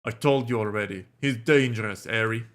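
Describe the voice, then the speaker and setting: A man's voice: on the low side, brisk, a bit bright, natural voice. A man voicing a bossy, possessive adult man who gives curt orders and brushes off complaints. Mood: curt, dismissive. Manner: curt, commanding.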